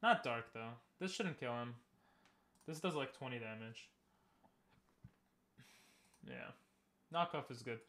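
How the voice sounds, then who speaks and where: A man's voice: medium pitch, lively intonation, slow, pauses often, fairly bright tone. A young man giving casual, joking commentary while streaming a game and talking with chat. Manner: chatty, joking, talks to chat.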